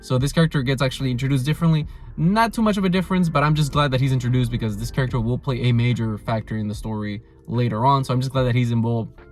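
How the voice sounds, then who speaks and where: A man's voice: mid-range voice, quick pace, faint music behind. A young man casually reviewing an anime episode, rambling with lots of "like" and restarts. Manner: animated paraphrasing of characters.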